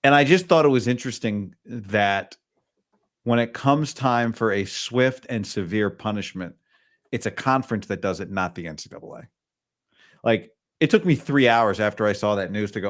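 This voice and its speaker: A man's voice: medium pitch, expressive, moderate pace. A man hosting a casual sports podcast, talking in a rambling way with restarts mid-thought. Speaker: podcast host.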